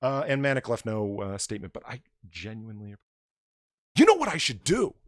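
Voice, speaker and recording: Animated rambling male stream host. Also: medium pitch, brisk, no echo, studio quality. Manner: rambling, animated, reads donations aloud. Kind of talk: casual livestream chat.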